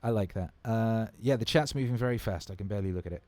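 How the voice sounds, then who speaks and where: Fast and dark-toned, with a fairly low pitch and no room sound, this man in his thirties hosts an informal livestream Q&A. He rambles excitedly, curses freely, and repeats words to stress them.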